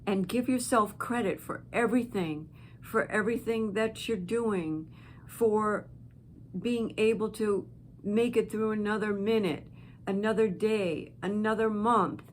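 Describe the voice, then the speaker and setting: A woman speaks slowly and gently, pausing often between her words. Her pitch sits in the middle of the range. A faint hiss of background noise runs under the recording. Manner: slow, gentle and heartfelt, with pauses. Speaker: channel host. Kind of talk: encouraging direct-to-camera talk.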